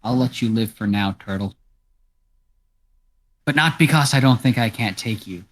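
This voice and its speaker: A man's voice: mid-range voice, normal speed, fairly bright tone, natural voice. A man voicing a nervous, rambling talking farm cat in a tabletop game, repeating himself as he goes. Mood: wary. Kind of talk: tabletop role-play voice.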